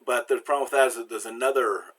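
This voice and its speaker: A man giving a slow, patient pronunciation lesson, with frequent fillers and restarts. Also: medium pitch, fairly even intonation, fairly bright tone, husky. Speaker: language teacher.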